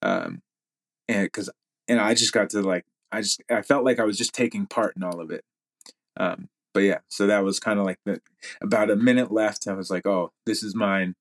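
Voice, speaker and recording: A man's voice: fairly low pitch, lively intonation, normal speed. A man speaking as a podcast guest, telling a story in a rambling way with lots of fillers and restarts. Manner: rambling, many fillers and restarts, laughs while talking. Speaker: podcast guest, jiu-jitsu athlete. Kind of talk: casual storytelling.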